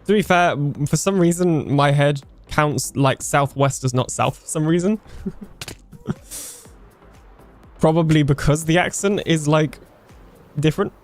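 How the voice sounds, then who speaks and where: A young British male streamer with a slightly high voice speaks at a slow pace, pausing often, as faint music plays behind him. He's casual and chatty on a live stream, reading chat comments aloud, laughing easily, and trailing off mid-sentence.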